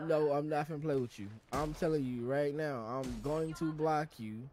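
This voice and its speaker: A man's voice: fairly high pitch, normal speed, few pauses, a little mellow. A man streaming a game and ranting in blunt, profane, slangy casual chat. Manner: slangy, loose talk. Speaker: livestreaming gamer.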